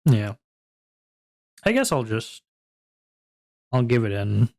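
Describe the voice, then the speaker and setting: A man's voice: mid-range voice, big pitch swings, slow pace, creaky, a little mellow. A young man chatting casually on his stream, rambling and self-deprecating with lots of fillers.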